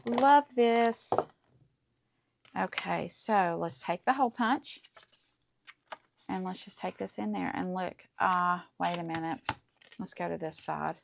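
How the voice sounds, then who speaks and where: A woman's voice: on the low side, fairly even intonation, a little slow, gravelly, slight background noise. A woman hosting a casual crafting tutorial, chatty and enthusiastic as she talks through each step. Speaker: crafting channel host.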